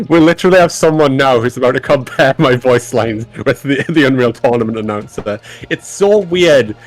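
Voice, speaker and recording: A man, a game developer and amateur voice actor, chatting casually on a stream, animated and self-deprecating, laughing often. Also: mid-range voice, normal speed, soft background music.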